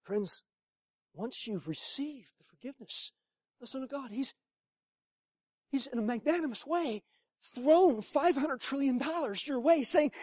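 A man preaching a sermon, swinging from hushed near-whispers to emphatic shouting and repeating phrases for effect. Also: extremely high pitch, animated, measured pace, pauses often, dry recording, studio quality.

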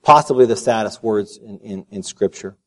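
A middle-aged man from Texas preaching a sermon and telling a lively personal story, often repeating words as he goes. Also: on the low side, normal speed. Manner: animated storyteller, repeats words while speaking. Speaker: pastor.

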